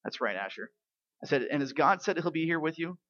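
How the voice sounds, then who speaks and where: A man preaching a sermon, telling stories and asking rhetorical questions, swinging between quiet and loud emphasis. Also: on the high side, expressive, a little fast, lo-fi sound. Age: adult parent. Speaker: pastor.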